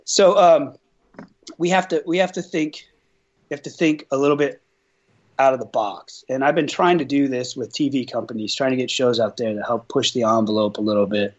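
A man's voice: medium pitch, normal speed. A man talking casually and earnestly as a paranormal investigator, rambling with frequent restarts. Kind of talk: casual conversation. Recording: dull lo-fi sound.

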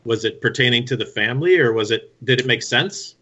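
Man, interviewer, bright sharp tone, dull lo-fi audio, short reactions. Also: medium pitch, animated, brisk. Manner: brief responsive interjections and follow-up questions. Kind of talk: casual interview chat.

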